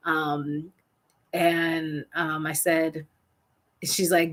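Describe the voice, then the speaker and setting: A woman's voice: sits low, normal speed. A young adult woman and parent coach, candidly telling a personal parenting story with small restarts.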